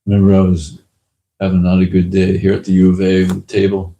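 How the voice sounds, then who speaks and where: A man giving a casual talk at a temple, telling lively anecdotes and acting out the people in them. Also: sits low, fairly quick, poor audio. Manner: lively anecdotal storyteller, acts out quotes. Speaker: temple speaker.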